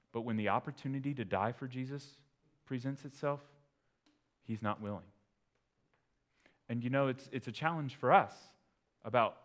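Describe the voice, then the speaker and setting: A pastor giving an expository sermon in a conversational way, breaking into sudden emphatic bursts. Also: male voice, mid-range voice.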